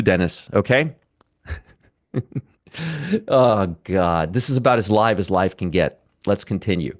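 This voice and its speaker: A man's voice: low-pitched, measured pace, long pauses, dry recording, studio quality. A man hosting a live trading show, giving blunt, sarcastic market commentary and bantering with chat viewers. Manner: blunt, swears freely.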